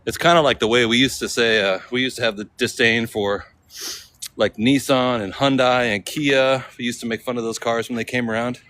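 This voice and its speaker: A vlogger walks through the city talking casually and briskly, rambling, laughing a lot and using slang. His mid-range voice is fairly bright with fairly even intonation, and the audio is poor, with outdoor street noise in the background.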